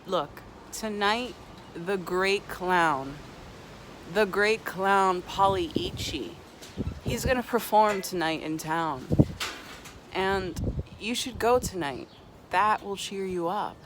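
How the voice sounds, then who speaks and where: A vlogger voicing a male doctor in a told joke, upbeat and reassuring, a little louder and higher than their usual talk. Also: sing-song, normal speed, vocal fry, few pauses, noisy background.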